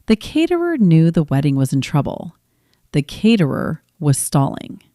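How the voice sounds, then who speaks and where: Calm low-voiced woman narrating a story. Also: dry recording, studio quality. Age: 20s. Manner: calm, measured, restrained. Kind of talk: scripted first-person story narration.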